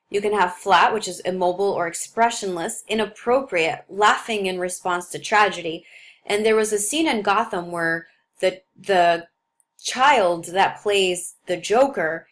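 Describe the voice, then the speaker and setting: A woman's voice: fairly low pitch, a bit bright. A woman who teaches nursing, lecturing on a topic and mixing in stories from her own clinical work, with frequent fillers. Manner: explains with personal clinical stories, many fillers. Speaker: nursing instructor.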